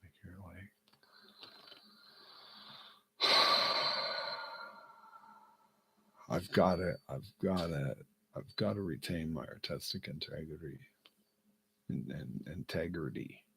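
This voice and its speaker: A man talking through a rambling comic monologue. He is self-amused and halting, with lots of fillers and restarts. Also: a bass voice, vocal fry, pushed and bright, a little hiss or hum. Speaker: vlogger.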